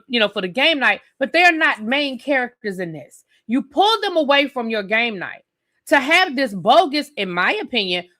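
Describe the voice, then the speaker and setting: A woman's voice: a little high, bright, forceful tone. A woman hosting a live stream who reviews a TV episode in an opinionated, sassy rant and talks straight to her viewers.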